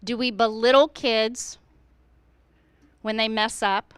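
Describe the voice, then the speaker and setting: A woman's voice: a little high, fairly even intonation, slow, a bit bright, smooth, no echo. A middle-aged woman, a school administrator, speaking earnestly to fellow educators at a staff meeting, firing off rhetorical questions and acting out how teachers should talk to students.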